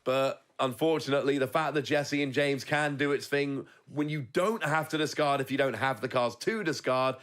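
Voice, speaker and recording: A man commentating a competitive card game, calmly explaining each play and the players' options. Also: medium pitch, moderate pace, hardly any pauses. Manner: analytical, explains play step by step.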